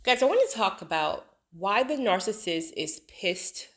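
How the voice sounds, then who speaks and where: A woman hosting her own channel, speaking straight to her subscribers in casual, animated talk. She hammers her points with emphatic, rhetorical repetition, her voice sitting at an ordinary middle pitch. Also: unhurried. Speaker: YouTube channel host.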